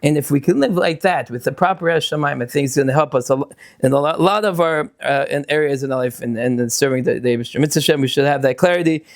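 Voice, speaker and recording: A man, a rabbi and yeshiva teacher, giving an earnest, emphatic Torah talk in a synagogue, his pitch rising and dropping often. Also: quick pace. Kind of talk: Torah talk to a study group.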